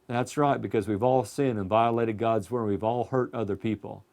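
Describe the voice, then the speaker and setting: A man's voice: fairly low pitch, fairly even intonation, normal speed, a little mellow. A man preaching a sermon in a conversational way, asking his listeners direct questions.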